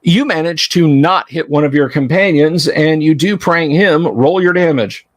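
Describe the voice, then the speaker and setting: On a livestream, a man with a fairly high voice runs a tabletop game as game master, narrating the fight at a moderate pace and joking with his players. He tosses in metal references, and there's a little hiss or hum in the audio.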